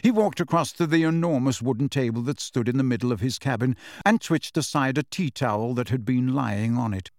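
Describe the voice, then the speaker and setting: A man reading an audiobook with steady storytelling, voicing the characters as he goes. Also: medium pitch, brisk, few pauses, no room sound. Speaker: audiobook narrator. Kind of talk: scripted narration. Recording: dry close studio recording.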